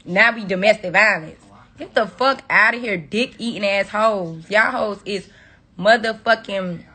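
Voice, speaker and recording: Fiery, raspy woman ranting on a phone livestream. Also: mid-range voice, normal speed, pushed and bright. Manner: profane, confrontational, scolding. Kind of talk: angry rant on a social media livestream.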